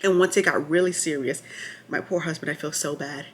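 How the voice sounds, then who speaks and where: A woman's voice: sits low, a little fast, a little hiss or hum. Chatty woman retelling her birth story. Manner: chatty and animated, with frequent "like" and restarts; reads from notes at times. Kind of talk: casual storytelling to camera.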